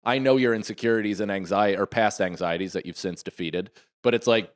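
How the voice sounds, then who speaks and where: Podcast co-host, fairly low voice, animated and probing. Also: male voice, fast. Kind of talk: casual podcast chat.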